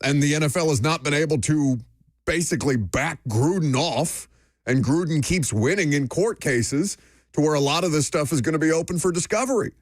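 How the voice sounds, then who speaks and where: A man's voice: a little high, brisk, no echo, studio quality. A man hosting a sports talk radio show, opinionated and emphatic.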